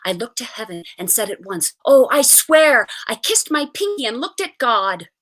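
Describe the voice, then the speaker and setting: Lady reading a story out loud, super lively, bright voice. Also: fairly high pitch, moderate pace. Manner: expressive, animated reading. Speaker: reader. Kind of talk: reading a short story aloud.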